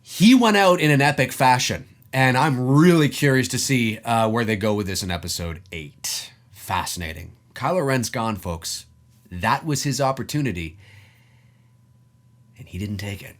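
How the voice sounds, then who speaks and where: Animated swearing man ranting about film. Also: mid-range voice, normal speed. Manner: emphatic, swears, acts out quoted lines. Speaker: film commentator. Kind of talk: opinion vlog rant.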